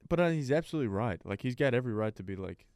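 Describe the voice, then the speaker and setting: A man's voice: mid-range voice, animated, very fast, darkish tone, smooth, no echo, studio quality. A man co-hosting a sports podcast in casual chat, rambling with lots of fillers. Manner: rambling, filler-heavy, laughs easily. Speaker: podcast co-host.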